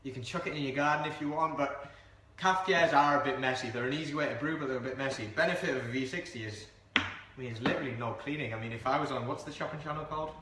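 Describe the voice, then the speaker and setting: A man's voice: medium pitch, quick pace, sharp tone, slight background noise. A man explaining how to brew coffee in a chatty, rambling, self-deprecating way. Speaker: coffee reviewer. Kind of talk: casual how-to vlog. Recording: echoey room.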